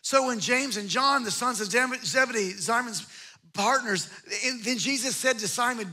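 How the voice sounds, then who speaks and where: Pastor, male, very high bright voice, emphatic sermon delivery. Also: normal speed. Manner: emphatic, with repeated phrases and restarts.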